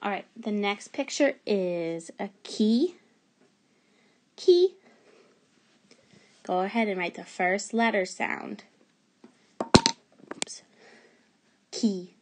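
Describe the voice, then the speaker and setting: A woman's voice: mid-range voice, slow, pauses often. A woman teacher giving a remote phonics lesson to young children, patiently sounding out letters and words.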